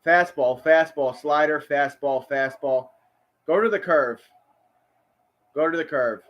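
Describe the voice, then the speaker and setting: Male fan commentator, nervous and worked up, fairly high voice, loud outbursts on big plays. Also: slow, highs cut off. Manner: anxious, talks to the players, bursts out on big plays. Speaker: fan doing his own play-by-play. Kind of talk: amateur live play-by-play commentary.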